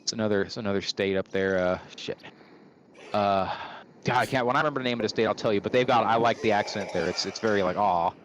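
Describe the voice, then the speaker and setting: A man's voice: on the low side, quick pace, dull audio, a little hiss or hum. A man from California chatting casually over gameplay, ranting profanely with many restarts. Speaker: streamer.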